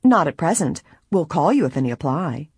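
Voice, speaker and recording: A reader voicing a brisk, curt woman office manager in an audiobook. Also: mid-range voice, big pitch swings, breathy edge, no echo, clean studio sound, heavily acted.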